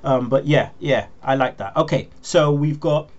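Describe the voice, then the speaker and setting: A man's voice: medium pitch, normal speed, muffled recording. A man hosting a podcast in casual chat, asking questions with a hesitant delivery full of ums. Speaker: podcast host.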